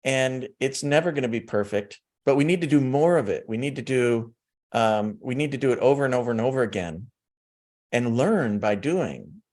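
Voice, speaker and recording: A man co-hosts a casual marketing podcast and speaks in an earnest, reflective way. His voice sits at an ordinary pitch for a man. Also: lively intonation, normal speed, a little mellow. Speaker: podcast co-host. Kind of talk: casual chat.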